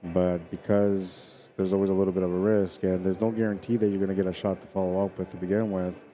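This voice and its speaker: A man's voice: low voice, little pitch movement, fast, warm tone, a little hiss or hum. A man giving casual, chatty commentary on a pool stream, talking to viewers and laughing. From Spanish heritage.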